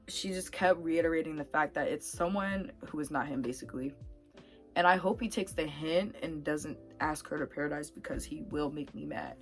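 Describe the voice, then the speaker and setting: A young woman chatting casually to camera about a reality dating show, getting animated and worked up as she talks. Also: low voice, normal speed, faint music behind. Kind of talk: casual chat.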